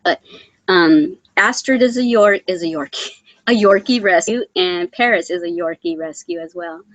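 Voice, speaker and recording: A middle-aged woman from Texas hosting a casual live crochet stream, chatting and reading comments aloud, with frequent ums and throat clearing. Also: medium pitch, expressive, normal speed, a bit bright, dry recording. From San Antonio, Texas. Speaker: crochet channel host reading live chat.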